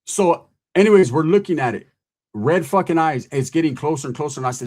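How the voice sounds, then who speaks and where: A man with a slightly raised voice tells a story in a loose, profane street-slang style. He keeps checking in with listeners and gets animated as the tension builds. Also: fairly high pitch, brisk. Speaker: podcast host telling a story. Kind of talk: casual storytelling.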